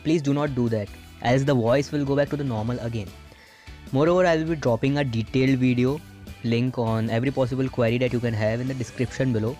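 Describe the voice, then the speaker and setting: A man hosting a gaming channel, calmly walking viewers through phone setup steps one by one in a tutorial voice-over. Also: medium pitch, fast talker, faint music behind. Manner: plain instructive, walks through steps one by one.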